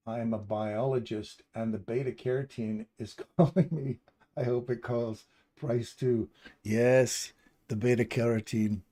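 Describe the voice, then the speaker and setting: Warm and medium-pitched, this voice belongs to a middle-aged man from England who runs a trading livestream channel. He chats loosely about the chart, musing out loud and bantering with viewers.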